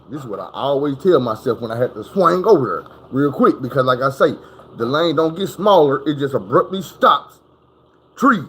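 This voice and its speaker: A man's voice: a little high, expressive, moderate pace, fairly bright tone, a little hiss or hum. A man telling a personal story at home, casually and profanely, acting out crashes and sounds as he goes. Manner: profane, vivid, acts out sounds. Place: at home indoors.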